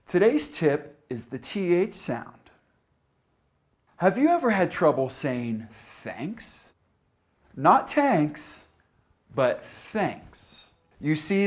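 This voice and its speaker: A young male English teacher giving a scripted pronunciation lesson. He speaks slowly and carefully, with a lively, rising and falling delivery in a fairly high voice. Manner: slow, careful enunciation.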